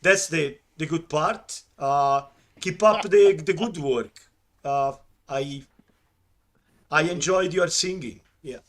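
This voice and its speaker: A man judging an audition over a video call, friendly and halting, with many fillers. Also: on the high side. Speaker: audition judge. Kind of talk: critique of a singer.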